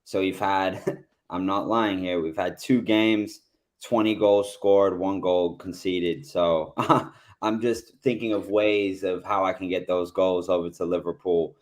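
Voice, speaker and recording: A man's voice: deep voice, steady tone, unhurried. A man, a youth soccer coach, guesting on a stream and chatting casually with good humor. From United States. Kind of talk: casual chat.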